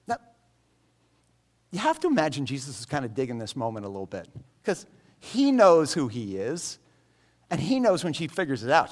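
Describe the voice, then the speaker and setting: A man preaching a sermon in an animated, joking storytelling manner. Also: mid-range voice. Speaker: pastor.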